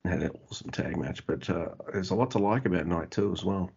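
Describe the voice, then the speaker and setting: A man's voice: sits low, fast talker, vocal fry, a little mellow, husky, highs cut off. A man co-hosting a podcast in a laid-back casual chat, often stumbling and restarting his sentences. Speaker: podcast co-host.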